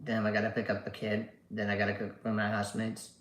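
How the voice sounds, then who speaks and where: A man's voice: fairly low pitch, completely flat delivery, fast, fairly bright tone, echoey room, rough recording. A sleepy man hosting a casual live stream, reading chat aloud and rambling with lots of fillers and casual swearing. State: sleepy, yawning. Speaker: livestream host reading chat.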